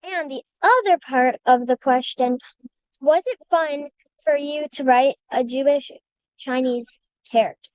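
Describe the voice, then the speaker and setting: High-voiced interviewer asking careful questions. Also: female voice, measured pace, darkish tone, lo-fi sound. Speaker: young interviewer.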